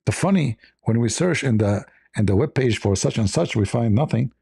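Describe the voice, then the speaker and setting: A man's voice: mid-range voice, expressive, normal speed, vocal fry, warm tone, slightly rough, no room sound, clean studio sound. A man giving mocking commentary, sarcastic and laughing, with non-native phrasing. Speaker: online religion critic.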